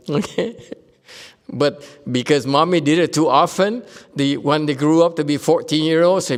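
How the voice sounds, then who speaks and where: A man teaching a Buddhist Dharma lecture, telling stories in a lively way and acting out the people he quotes. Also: mid-range voice, moderate pace, gravelly, long reverb tail. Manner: lively storytelling, acts out quoted speakers, laughs often. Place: Buddhist meditation hall.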